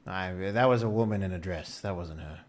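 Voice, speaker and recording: A man's voice: low voice, fairly quick. A man playing a tabletop game, dry, blunt and sarcastic. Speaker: player.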